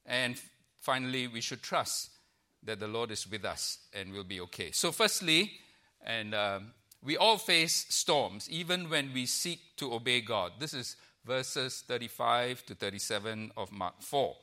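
Bright-voiced man preaching a sermon. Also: mid-range voice, unhurried. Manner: warm storytelling with frequent uh fillers. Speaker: guest preacher. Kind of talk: sermon with a humorous anecdote. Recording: church service recording.

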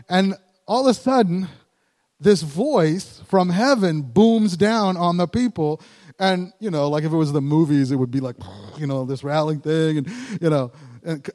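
A man's voice: high voice, mellow. A man preaching a sermon in a conversational way, chuckling often and acting out quotes. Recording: hall reverb.

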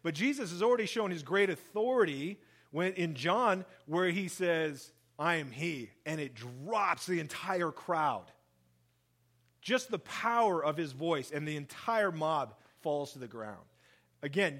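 A man preaching a sermon, reading scripture and explaining it in an animated way, acting out the quoted speech. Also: a little slow. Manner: animated, acts out quoted speech, lively shifts in pitch and volume. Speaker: pastor. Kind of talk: sermon, Bible reading and commentary.

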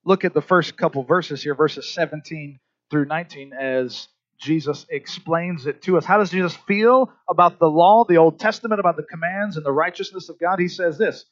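A male pastor delivers a sermon in a chatty, conversational manner, prompting the congregation to fill in words. His voice sits fairly high. The sound is dry and a bit muffled. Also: moderate pace, no echo.

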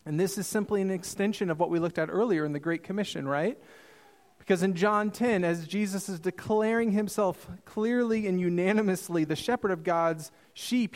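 A man preaching a sermon as pastor, earnest and emphatic, slowing down for quoted scripture. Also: sits high.

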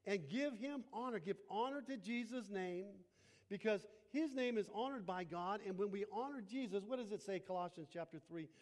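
A man's voice: high voice, moderate pace. A male pastor preaching a sermon, repeating phrases for emphasis and putting questions to the congregation. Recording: long hall reverb.

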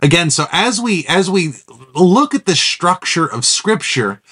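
A man's voice: high voice, sing-song, a little slow, sharp tone, slightly rough. A middle-aged man, a pastor, teaching a verse-by-verse sermon, thinking aloud with restarts and reading Scripture passages.

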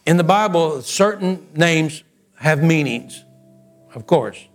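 A man's voice: expressive, slow. A man preaching a sermon, acting out the dialogue of the story with swings in his voice. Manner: storytelling preacher who acts out the dialogue with a lot of pitch swings. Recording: faint music behind.

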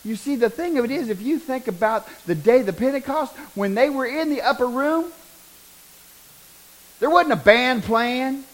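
A middle-aged man preaching a sermon, joking and building to loud bursts. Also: very high voice, normal speed, poor audio. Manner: animated, joking, preaching with rising bursts and laughter.

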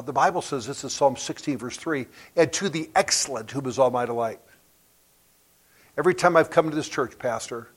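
A man in his sixties preaching a sermon as a guest preacher, telling stories and building to sudden emphatic rises in loudness. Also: mid-range voice.

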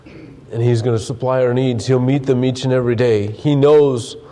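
A man's voice: mid-range voice, fairly even intonation, normal speed, warm tone. A man preaching a sermon, earnest and full of restarts, reading scripture aloud while losing his voice. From United States. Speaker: pastor.

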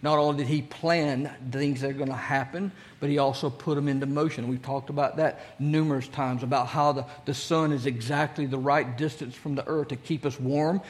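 A man's voice: medium pitch, steady tone, brisk, few pauses. A male pastor preaching a sermon in a folksy, conversational way, asking the congregation questions.

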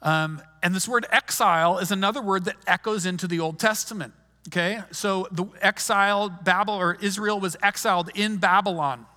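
A man with a high, bright, forceful voice teaches through a Bible passage. He explains patiently, pausing to check in with his listeners and reworking phrases mid-thought. His words ring out with the long reverb of a big hall.

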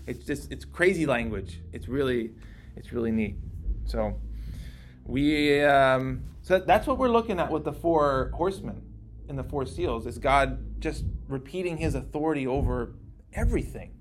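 A man teaching a casual Bible class, talking in a conversational, animated way and acting out the scripture he quotes. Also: medium pitch, normal speed, slight background noise.

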